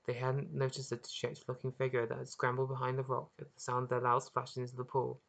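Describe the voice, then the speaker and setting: An author reading their own story aloud as narration, earnest and expressive, with occasional small restarts. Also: mid-range voice, fast talker, gravelly, hardly any pauses. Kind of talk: audiobook narration.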